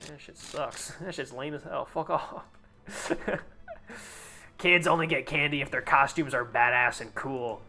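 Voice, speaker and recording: A man's voice: medium pitch, measured pace, pushed and bright, faint music behind. A young man chatting casually on a live game stream, rambling, swearing freely and laughing at his own jokes.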